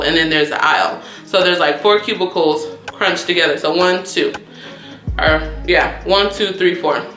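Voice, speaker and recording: Animated young woman telling a story. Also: roomy sound. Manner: animated, profane, acts out quoted dialogue with big pitch jumps. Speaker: YouTube storyteller. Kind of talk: casual storytime vlog.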